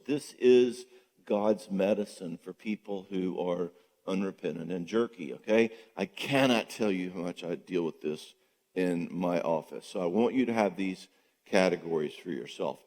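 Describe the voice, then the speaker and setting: A low-voiced man gives a casual, conversational talk to a church audience and keeps checking in with quick "okay?"s. His voice carries a long, ringing reverb from the big hall. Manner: acts out quoted people in lively voices. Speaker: marriage conference speaker and counselor. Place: church sanctuary before an audience.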